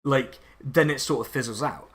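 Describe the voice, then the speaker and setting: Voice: medium pitch, normal speed, slightly rough. A non-binary streamer, chatting casually and sarcastically over lunch, ranting with lots of filler words. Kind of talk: casual chat.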